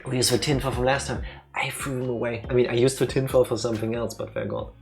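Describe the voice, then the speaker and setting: A man co-hosting a let's play in casual chat, rambling excitedly through joking theories. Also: medium pitch, quick pace, soft background music.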